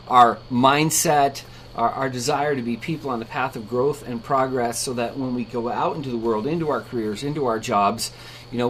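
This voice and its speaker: A man's voice: mid-range voice, slight background noise. A man hosting a casual devotional vlog from his art studio, talking conversationally and piling up repeated phrases. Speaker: ministry vlogger and Bible teacher.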